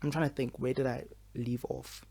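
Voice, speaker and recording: A young man, talking casually to camera at home. He is expressive and frustrated, and he uses lots of fillers. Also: mid-range voice, normal speed, gravelly, slight background noise. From South Africa. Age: 20s. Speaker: medical student vlogger. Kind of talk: casual vlog monologue. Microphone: camera with a mic.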